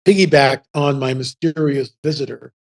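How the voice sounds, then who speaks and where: A man in his seventies, a podcast guest telling casual stories in an animated, rambling way full of restarts. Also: medium pitch, normal speed, vocal fry. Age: 70s. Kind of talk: casual storytelling.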